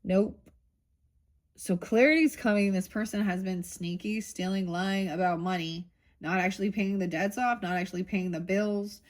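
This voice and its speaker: A woman's voice: mid-range voice, fairly even intonation, normal speed. Woman, middle-aged, loose chatty tarot reader, rambles and curses casually. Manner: rambling, swears casually, thinks aloud.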